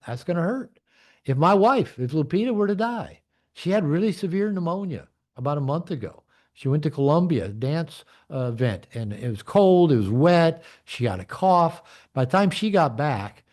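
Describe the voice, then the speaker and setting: A man's voice: mid-range voice, a little mellow. A man in his sixties, a men's coach giving a candid, reflective personal talk to an online group. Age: 60s. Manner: earnest, reflective, candid storytelling. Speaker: men's coach and community leader.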